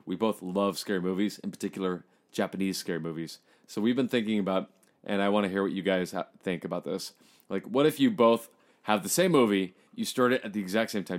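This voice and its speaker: A young adult man leads a loose, friendly podcast conversation. His voice sits on the low side and he talks in a relaxed, chatty way, steering the topic without hurry. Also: fast talker. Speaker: podcast host. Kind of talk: casual chat.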